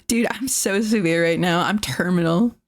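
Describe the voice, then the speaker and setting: A woman's voice: fairly low pitch, moderate pace. Sarcastic, foul-mouthed young woman streamer. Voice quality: profane, rambling, sarcastic. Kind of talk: casual chat with live chat.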